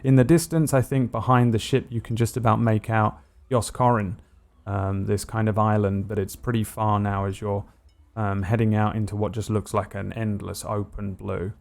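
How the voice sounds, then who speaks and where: A man's voice: on the low side, flat delivery, normal speed, creaky, darkish tone. A man narrating a tabletop game as game master, describing the scenes with many fillers. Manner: descriptive, hesitant, full of fillers.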